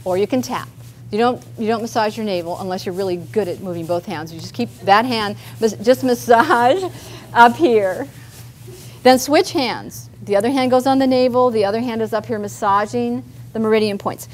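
A woman's voice: medium pitch, brisk, darkish tone. A woman therapist leading a live group workshop, chatty and guiding people through simple movements. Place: meeting room with a group.

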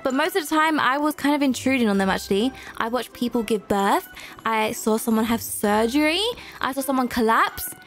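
A young woman giving playful, excitable commentary while playing a hospital role-play game, chatting and exclaiming often. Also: on the high side, a little fast, faint music behind. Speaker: gaming YouTuber.

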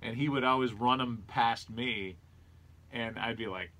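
A man's voice: medium pitch, a little slow, pushed and bright. A middle-aged man, a sports broadcaster, telling an earnest, reflective personal story in an interview. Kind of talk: conversational storytelling.

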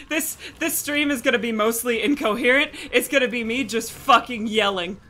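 A young woman streaming a game live, muttering and swearing to herself, then yelling in frustration. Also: on the high side, brisk, few pauses.

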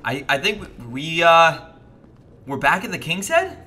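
A man hosting a gaming video, giving animated, joking let's play commentary as he plays. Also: high voice, a little fast.

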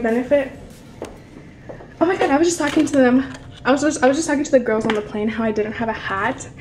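A young woman with a high voice gushes breathlessly through an unboxing vlog, exclaiming at every new thing she finds. There is a faint hiss of noise behind her. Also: a little mellow. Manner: gushing, effusive, many exclamations. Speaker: beauty vlogger.

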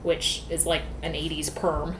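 Podcast co-host, young woman, lowish voice, swears freely, echoey home room with noise. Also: level tone, measured pace. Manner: loose, profane, laughs often. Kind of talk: casual banter. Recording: echoey room, noisy background.

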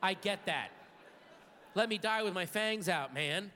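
A man doing a stand-up comedy routine on a theater stage, telling stories with sudden shouted outbursts. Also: high-pitched, lively intonation, unhurried. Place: large theater stage with live audience. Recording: live hall recording with crowd.

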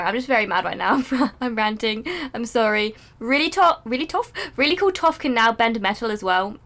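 A woman's voice: fairly high pitch, fairly bright tone. A woman hosting a reaction channel, ranting emotionally in casual commentary and swearing freely.

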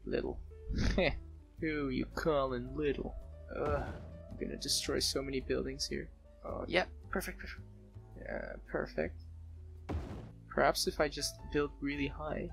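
Excitable gravelly-voiced man playing a game. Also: medium pitch. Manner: excitable, laughs often, exclamations. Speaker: let's play gamer. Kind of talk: casual gameplay commentary. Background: soft background music.

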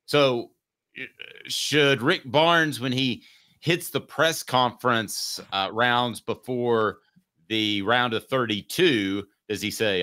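A middle-aged man hosting a sports talk show, talking in an animated, joking way. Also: medium pitch, slow pace. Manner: animated, does mock impressions.

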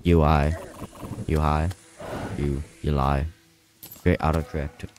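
A man's voice: very deep voice, little pitch movement, slow, darkish tone, slight background noise. A man streaming a video game live, chatting loosely with viewers, often panicking and laughing. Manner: panicky, laughing, rambling to chat.

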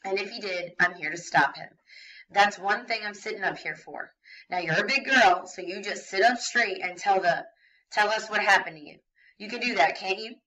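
Brief: woman voicing a gruff older country judge, coaxing but rough, bright tone, dull recording. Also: mid-range voice, normal speed, lightly acted. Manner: gruff attempt at soothing. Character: gruff older male small-town judge.

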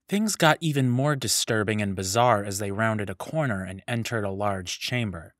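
Brief: male narrator, lowish voice, steady audiobook read, dead-dry close mic. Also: no room sound.

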